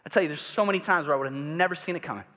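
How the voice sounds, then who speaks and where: A male pastor preaching a sermon, swinging from loud passionate preaching to quiet confiding asides and leading the congregation in call and response. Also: fairly high pitch, rapid-fire, big-room sound. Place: church sanctuary.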